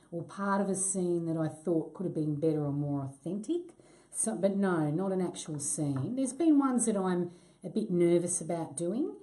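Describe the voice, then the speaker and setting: An actress answering fan questions in a live chat, self-deprecating and quick to laugh. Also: female voice, lowish voice. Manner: self-deprecating, laughs easily, lively swings in tone. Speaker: actress and guest.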